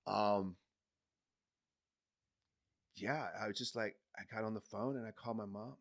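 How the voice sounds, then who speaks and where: A man telling a personal story as a guest on a podcast, animated, jumping from loud emphasis to hushed asides. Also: fairly low pitch, a little slow, vocal fry. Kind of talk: casual storytelling.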